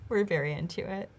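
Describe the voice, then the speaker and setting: A woman co-hosting a drawing livestream, chatting and reading out viewer comments and timings. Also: fairly low pitch. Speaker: co-host reading viewer chat.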